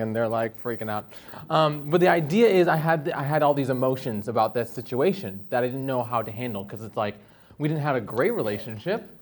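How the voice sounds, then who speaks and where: A young man who is a dancer and speaker tells personal stories in a casual talk, his voice medium in pitch. He animatedly tags sentences with "right?" and acts out the people he quotes in a raised voice.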